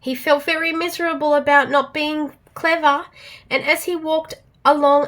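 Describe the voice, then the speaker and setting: A woman with an Australian accent reading a storybook aloud to children, expressive and animated. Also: high voice, moderate pace.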